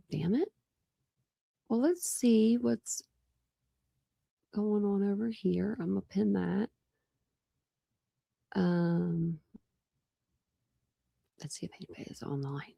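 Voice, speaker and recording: Chatty woman with a gravelly voice. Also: mid-range voice, a little mellow, dry recording, clean studio sound. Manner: rambling and chatty, with many fillers and restarts. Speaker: true crime livestream host. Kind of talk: casual livestream chat with viewers.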